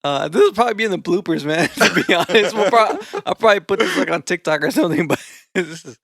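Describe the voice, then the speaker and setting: Male podcast co-host, raised pitch, gravelly bright voice, loose laughing chat, dry sound. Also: expressive, fast talker, no room sound. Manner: laughs a lot, rambles with restarts. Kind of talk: casual chat.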